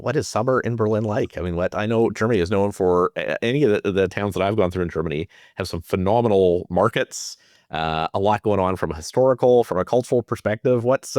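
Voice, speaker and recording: A man hosting a travel podcast, asking curious, halting questions in a casual way. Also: on the low side, darkish tone, dry recording, clean studio sound.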